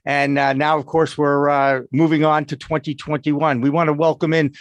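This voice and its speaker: A man's voice: fairly high pitch, flat delivery, moderate pace, creaky, no echo, muffled recording. A man with a Boston accent hosting a live talk show in an upbeat, promotional way. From Boston area.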